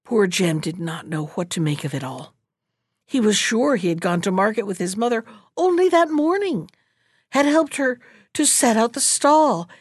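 Female fairy-tale reader, animated delivery, dry close mic. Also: high-pitched, no room sound. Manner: expressive, storytelling.

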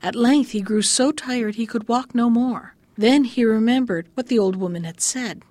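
A woman's voice: normal speed, darkish tone, no echo. A woman reading an old fairy tale aloud, lifting her voice for the quoted lines. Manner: lifts pitch for quoted lines. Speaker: storyteller.

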